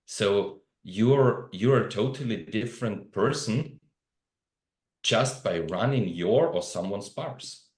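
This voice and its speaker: Male guest, lowish voice, earnest, halting, roomy echo. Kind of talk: casual talk show chat.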